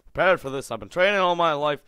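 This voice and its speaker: A young man giving silly, rambling commentary on a game, jumping from mumbles to squealing shouts. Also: on the high side, animated, quick pace, smooth, no echo, studio quality. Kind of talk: goofy gameplay commentary.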